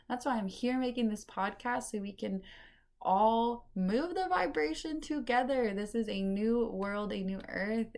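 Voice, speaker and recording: Chatty woman with a lowish voice. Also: gravelly, a little mellow. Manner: chatty and meandering, with many fillers. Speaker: podcast host and intuitive reader. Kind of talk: casual solo podcast talk on spirituality.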